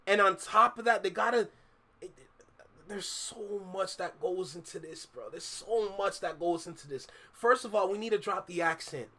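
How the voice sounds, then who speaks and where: A man's voice: high-pitched, moderate pace, a crowd in the background. A man with a Toronto accent, hosting a reaction video and giving emphatic, opinionated commentary that repeats its points. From Canada. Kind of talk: casual commentary over a clip.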